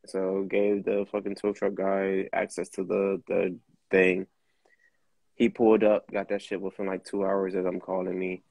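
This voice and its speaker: Low gravelly laid-back man. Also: fairly even intonation, moderate pace, a little mellow, dry recording, rough recording. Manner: profane, laid-back, slangy. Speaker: car rental host. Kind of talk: casual storytelling livestream.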